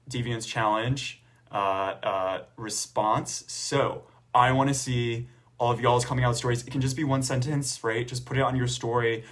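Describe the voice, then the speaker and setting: A young man in a chatty vlog, speaking at a middle pitch for a man. He talks in a loose, conversational way, full of fillers and asides. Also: fairly bright tone. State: tearful near the end. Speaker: author promoting his book. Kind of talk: casual personal storytelling to camera.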